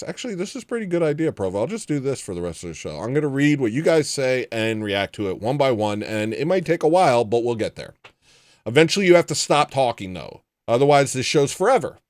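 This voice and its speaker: A man's voice: mid-range voice, big pitch swings, a little fast, darkish tone, no room sound. A man hosting a livestream, chatting casually and making dry, sardonic asides. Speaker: livestream host. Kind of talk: casual chat reading viewer comments.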